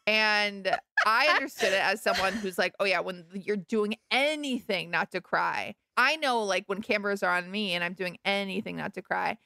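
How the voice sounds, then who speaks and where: A woman's voice: medium pitch, normal speed, creaky, sharp tone, slight background noise. A young woman co-hosting a podcast in casual, gossipy chat, drawing out her words playfully. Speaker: podcast co-host.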